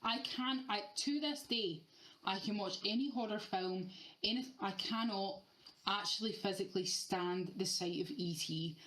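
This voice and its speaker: A woman's voice: medium pitch, a little slow, fairly bright tone, rough recording. A woman in her thirties co-hosting a podcast, telling stories animatedly and swearing freely in casual chat. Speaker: podcast co-host.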